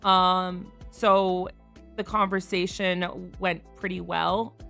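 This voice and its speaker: A woman streamer chatting casually on a live stream, frank and quick to laugh, swearing freely. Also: fairly low pitch, flat delivery, creaky, sharp tone, smooth, faint music behind.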